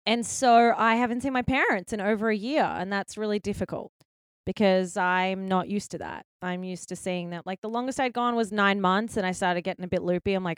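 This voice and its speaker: Young aussie woman rambling casually in an interview, smooth clear voice, dry close sound. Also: mid-range voice, steady tone, brisk, no room sound. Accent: Australian. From Australia. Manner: chatty, many likes and restarts. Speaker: guest, filmmaker.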